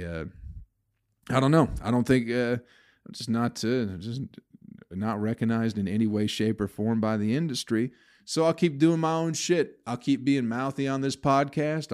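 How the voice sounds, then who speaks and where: A man's voice: medium pitch, moderate pace, a little mellow, no room sound, studio quality. A man hosting his own podcast, venting in a profane, bitter, rambling way about the comedy business. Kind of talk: casual solo podcast rant.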